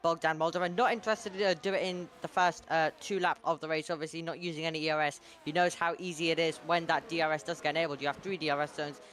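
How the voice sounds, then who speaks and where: A man with a fairly high voice rushes through his race analysis at a very fast pace. He strings his points together with lots of filler words as he talks about tyres and strategy. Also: little pitch movement, fairly bright tone, slight background noise. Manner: rapid, filler-heavy analysis. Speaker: co-commentator. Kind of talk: sim racing analysis.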